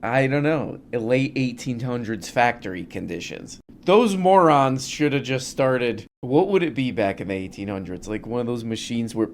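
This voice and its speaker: Male reaction host, profane sarcastic rant, medium pitch, faint hiss behind. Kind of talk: ranting commentary over clips.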